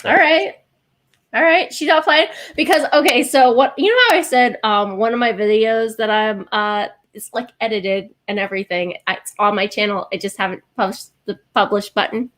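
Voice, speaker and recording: A woman's voice: on the high side, steady tone, normal speed, fairly bright tone. A woman from Canada with a General American accent, a guest in a casual live stream chat, giggly and rambling with many restarts.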